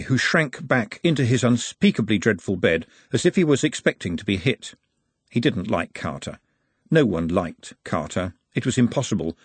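A man narrating a comic novel as an audiobook in an expressive, wry storytelling manner. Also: mid-range voice, breathy edge, dry recording.

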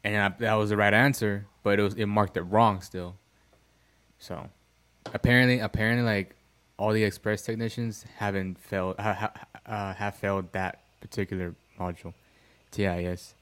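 A man with a somewhat low voice rambles through a casual podcast conversation. His talk wanders, packed with "like" fillers and frequent profanity. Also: flat delivery, normal speed, fairly bright tone, smooth. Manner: rambling, heavy use of "like" and profanity. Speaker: podcast co-host. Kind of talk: casual chat.

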